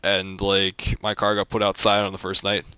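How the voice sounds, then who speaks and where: A young man ranting casually about his life as a vlogger, rambling with lots of fillers and deadpan jokes. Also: deep voice, normal speed, clean tone, no room sound.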